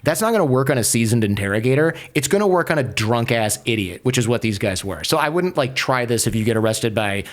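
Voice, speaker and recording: A man guesting on a podcast, telling a story casually with lots of fillers, restarts and an animated delivery. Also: mid-range voice. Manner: fast-talking, many fillers and restarts, animated retelling. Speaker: podcaster and lawyer, interview guest.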